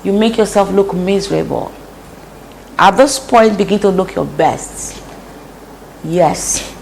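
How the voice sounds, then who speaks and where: Slow, preachy woman cooking. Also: mid-range voice, gravelly, a little mellow, slight background noise, rough recording. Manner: preachy, repeats phrases for emphasis. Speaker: host. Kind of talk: casual cooking vlog talk. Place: home kitchen, indoors.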